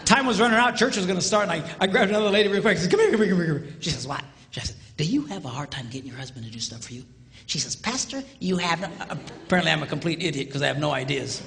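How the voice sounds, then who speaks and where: A man's voice: a little high, racing, creaky, long reverb tail. A man preaching, a pastor telling a humorous story and acting out the dialogue. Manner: animated, acts out quoted dialogue, jokey.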